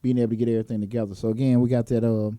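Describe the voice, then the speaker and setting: A man's voice: mid-range voice, level tone, very fast, mellow, clear, resonant tone. A man hosting a talk show in a casual, joking way, with plenty of fillers. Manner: laid-back, joking, lots of fillers. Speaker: host. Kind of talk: casual chat.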